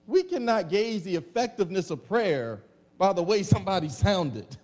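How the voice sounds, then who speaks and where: Animated, high-voiced male pastor preaching. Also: a little fast. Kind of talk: sermon.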